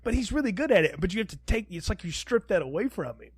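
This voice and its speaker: High-voiced laughing man podcast host. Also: fast talker, husky, dry recording, studio quality. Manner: animated, laughs often, restarts and quotes. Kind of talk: casual film review chat.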